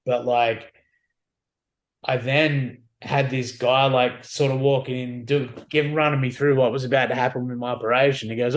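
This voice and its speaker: Speaking at a normal pace in a mid-range voice, a man in his forties from Australia shares stories as a podcast guest. His conversational storytelling is candid, wry, and relaxed, and he keeps asking "you know what I mean."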